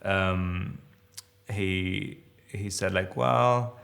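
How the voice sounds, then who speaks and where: A man's voice: sits low, steady tone, very slow, vocal fry, fairly bright tone, slight background noise. A man in his thirties telling stories about his work in a casual interview, rambling with restarts, fillers and chuckles. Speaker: actor interviewee.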